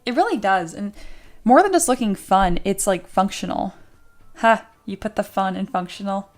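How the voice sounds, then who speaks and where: Speaking at normal speed with a medium-pitched voice, a female livestream host and 3D sculptor keeps things casual. She's upbeat and encouraging, reading viewers' comments out loud, chatting and cheering them on.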